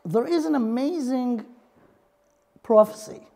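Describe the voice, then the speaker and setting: Woman teaching Torah earnestly, high voice. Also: slow, creaky, warm tone. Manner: explains earnestly in broken English, mixing in Hebrew terms. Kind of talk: Torah lesson.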